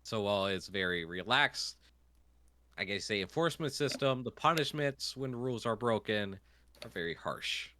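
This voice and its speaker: A man's voice: fairly low pitch, expressive, moderate pace, bright, forceful tone. A man narrating as game master, rambling with lots of fillers.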